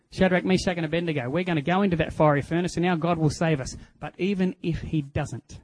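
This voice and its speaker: A middle-aged Australian pastor with a notably high voice delivers a sermon full of animated storytelling. He sinks to near-whispers on key words, then rises sharply when acting out voices. The recording is rough.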